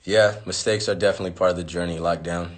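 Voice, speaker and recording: A man's voice: low voice, fairly even intonation, fast talker. A man hosting a live stream, giving blunt, profane advice in a casual monologue.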